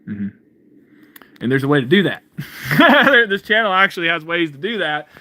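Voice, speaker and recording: On a laid-back faith livestream, this man reads and answers comments from viewers in a fairly high, sing-song voice that sounds pushed and bright. His pace is moderate, and he rambles, chuckles frequently and keeps dropping "man".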